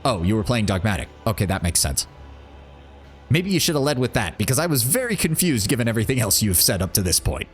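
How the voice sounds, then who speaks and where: A man's voice: fairly low pitch, big pitch swings, fast talker, faint music behind. A man streaming a game live, casually thinking aloud and reacting with surprise as he plays. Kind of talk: live gameplay commentary.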